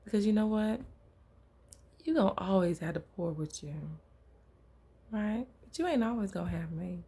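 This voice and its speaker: A woman's voice: medium pitch, lively intonation, moderate pace, mellow, husky, voice pushed up. A woman voicing a grown man teacher who firmly tells a follower to leave someone alone, in plain, casual speech. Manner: firm, plain-spoken, dismissive.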